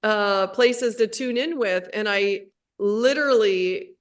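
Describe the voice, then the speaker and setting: A woman's voice: mid-range voice, takes it slowly. A woman hosting a casual spiritual conversation on a live video stream. She rambles, restarting her sentences and filling gaps with "um" and "like". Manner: rambling, with many restarts and fillers. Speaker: host of a spiritual livestream.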